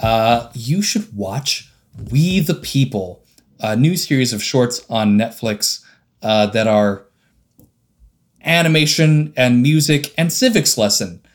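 A man co-hosting a podcast in casual chat, enthusiastic and excitable. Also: mid-range voice, slow pace. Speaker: podcast co-host.

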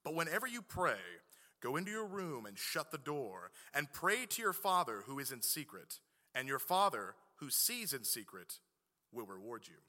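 A man reading scripture aloud in church in a measured, formal liturgical manner. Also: mid-range voice, big pitch swings, sharp tone. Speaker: scripture reader. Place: church sanctuary. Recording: long church hall reverb.

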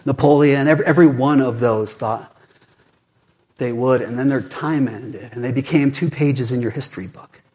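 Speaking at normal speed with a medium pitch and a breathy edge, this forties-aged male pastor delivers a sermon that's fired-up yet conversational. He alternates loud emphasis with hushed asides.

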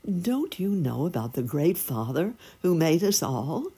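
A woman voicing a kindly female turtle dove who speaks softly and soothingly in a storybook reading. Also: low-pitched, big pitch swings, unhurried, husky, pitched above the performer's own voice, exaggerated voice. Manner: soft, soothing, cooing.

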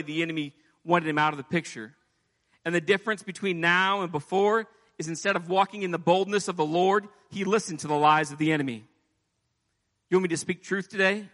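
A man's voice: high-pitched, a bit bright. A man preaching a sermon with impassioned delivery, rising into pleading as he voices scripture. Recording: long hall reverb.

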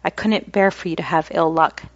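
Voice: medium pitch, brisk, a bit bright, dry recording, natural voice. A woman reading aloud as a frightened young noble girl, pleading and desperate, on a slightly dull lo-fi recording.

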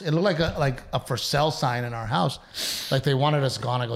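Telling a story on a podcast he co-hosts, this young adult man speaks at medium pitch and a moderate pace, performing the quotes with animation and cursing liberally in a relaxed storytelling conversation.

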